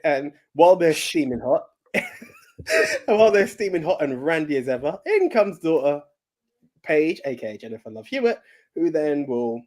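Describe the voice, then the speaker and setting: A man whose first language is Russian, co-hosting a podcast and chatting loosely about movies with many restarts. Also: fairly high pitch. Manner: lively, rambling, restarts often, laughs a lot. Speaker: podcast co-host. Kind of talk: casual movie chat.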